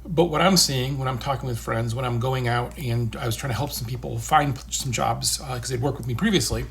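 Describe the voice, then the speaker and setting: A man's voice: mid-range voice, a little fast, vocal fry, slight background noise. A middle-aged man talking casually and earnestly, reassuring listeners and repeating phrases for emphasis. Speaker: game industry veteran sharing advice. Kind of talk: casual livestream chat.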